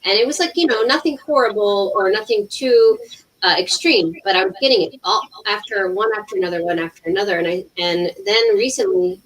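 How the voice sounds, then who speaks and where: Woman in her 30s chatting on a livestream, lively storyteller, sounds a bit far from the mic. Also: medium pitch, a little fast. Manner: animated storytelling with acted-out quotes and many restarts. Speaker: intuitive healer guest. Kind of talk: casual livestream conversation.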